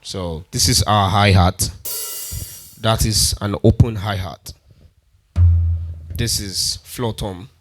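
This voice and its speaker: A man's voice: fairly low pitch, steady tone, slow pace, long pauses, soft background music. A man hosting a keyboard tutorial, counting beats aloud and repeating his steps patiently. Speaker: music tutorial host. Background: keyboard instrument sounds.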